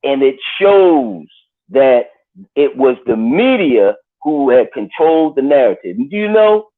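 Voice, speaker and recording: A male guest on a live stream, speaking in an earnest, measured way. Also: mid-range voice, very animated. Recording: tinny phone-line call.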